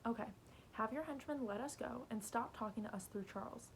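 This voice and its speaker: A woman reading aloud as a steady, athletic teenage boy, speaking low, firm and wry. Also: fairly quick, vocal fry, slight background noise.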